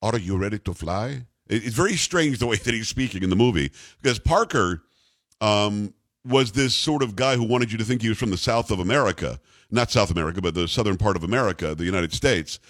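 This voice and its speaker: A man's voice: on the low side, animated, fairly quick, a bit bright, no echo, studio quality. A middle-aged man hosting a radio talk show, rambling and teasing his co-hosts. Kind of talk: casual talk radio banter. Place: radio studio.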